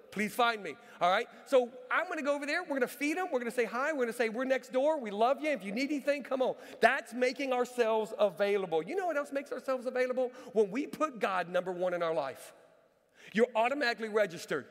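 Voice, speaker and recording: A middle-aged man preaching a sermon as a pastor, lively and joking as he tells personal stories. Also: very high voice. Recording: reverberant hall.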